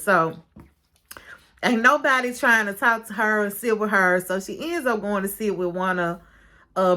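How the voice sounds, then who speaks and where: A woman casually recapping a show's episode, chatty and expressive, acting out what each person said. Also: medium pitch. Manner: chatty and expressive, calls listener "baby"; retells scenes with quoted dialogue. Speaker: show recap reviewer.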